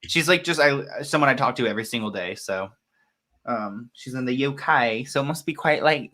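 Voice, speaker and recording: A man's voice: mid-range voice, animated, brisk, pushed and bright. A man hosting a casual live stream, chatting in a rambling way and greeting viewers by name. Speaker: host.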